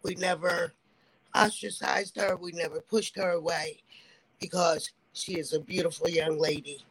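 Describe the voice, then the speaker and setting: A middle-aged woman introducing herself as a mother on a panel, emphatic, with halting repetitions. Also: lowish voice, steady tone, a loud crowd, poor audio.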